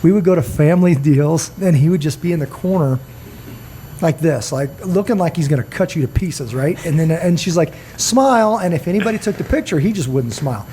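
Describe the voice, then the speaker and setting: A middle-aged man with a mellow, warm voice tells a long, rambling story to friends on a podcast. He is earnest and drops into little bits of quoted dialogue as he goes. A faint noise sits under the recording. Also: on the high side, a little fast. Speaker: podcast host. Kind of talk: casual storytelling chat.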